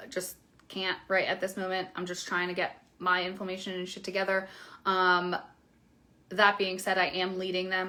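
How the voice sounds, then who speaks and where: Bright-voiced woman coach talking casually. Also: on the low side. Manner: chatty, many fillers, frank and blunt. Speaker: keto coach. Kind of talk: casual promotional video talk.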